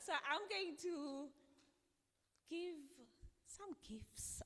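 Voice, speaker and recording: A woman speaks with a high, animated voice at an unhurried pace. She is effusive and emotional as she gives closing thanks at a live event. A long hall reverb rings around her words. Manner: effusive, emotional, exclaims often. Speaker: CEO giving closing thanks. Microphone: handheld or stand microphone.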